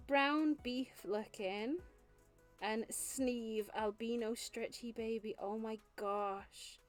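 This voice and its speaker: A woman's voice: a little high, fairly even intonation, takes it slowly. A woman chatting casually on a live stream, gushing and laughing often. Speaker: vtuber streamer. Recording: faint background music.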